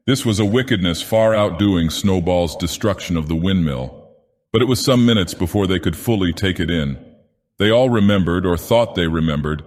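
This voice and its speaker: A man narrating an audiobook in character as an ancient menacing god-villain, with a grave, deliberate delivery. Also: sits low, lightly acted. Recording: long hall reverb.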